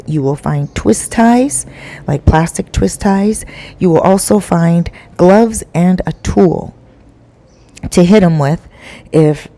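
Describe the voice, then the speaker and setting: Woman playing a cold, scheming wife. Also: fairly low pitch. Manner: calm, matter-of-fact instructions.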